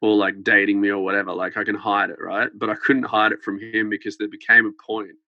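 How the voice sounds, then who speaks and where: Rambling young man, flat low voice. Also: quick pace, no room sound. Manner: rambling, many fillers, laughs while telling. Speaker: podcast guest. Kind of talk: casual storytelling. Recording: dull lo-fi podcast sound.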